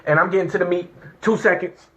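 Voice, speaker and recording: A man's voice: high voice, fairly even intonation, fast talker, fairly bright tone. A man, fervently reading a declaration to viewers, tearful and crying out in emotional exclamations. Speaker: speaker reading a legal declaration.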